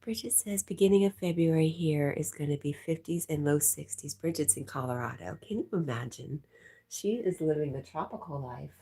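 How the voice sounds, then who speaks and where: A woman's voice: low-pitched, moderate pace, mellow, husky. A woman hosting a casual livestream, chatting and reading viewer comments aloud with frequent laughs. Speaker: livestream host reading chat. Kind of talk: casual live chat.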